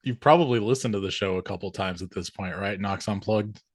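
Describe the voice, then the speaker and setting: A man's voice: on the low side, brisk, no room sound, studio quality. A man from the American South with a light Southern accent, hosting a podcast in a rambling, casual conversation full of "you know"s. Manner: rambling, filler-heavy with many "you know"s. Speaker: podcast host.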